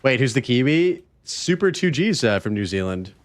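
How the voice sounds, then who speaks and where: A man's voice: mid-range voice, sing-song, moderate pace. A man streaming a game, casually chatting with his viewers in a laid-back, rambling way. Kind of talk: casual gaming stream chat.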